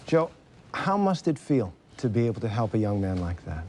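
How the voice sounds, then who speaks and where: A male news anchor with a mellow, dark voice delivers scripted lines and questions for his guests. Faint background noise runs under the speech. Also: fairly low pitch, big pitch swings, normal speed. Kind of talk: news presenting.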